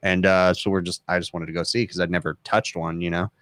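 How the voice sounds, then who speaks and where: A man co-hosting a casual podcast chat, telling animated stories and laughing often. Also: low voice, quick pace, dry recording, studio quality. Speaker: podcast co-host.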